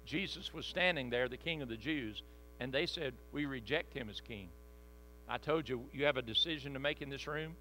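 Bright-toned preaching man over a mains hum. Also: medium pitch, normal speed, poor audio. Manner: preaching with dramatic scripture readings. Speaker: pastor. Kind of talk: sermon.

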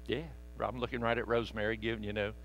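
A man preaching a sermon, folksy and animated, with joking asides to the congregation. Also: fairly low pitch, fast talker, muffled recording, slight background noise. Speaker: pastor.

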